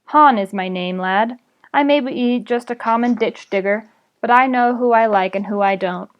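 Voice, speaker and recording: A gruff but kindly male ditch digger, read by a woman in her everyday voice. He speaks plainly and steadily, in a measured way. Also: fairly high pitch, highs cut off, natural voice. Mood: friendly. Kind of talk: reading a novel aloud.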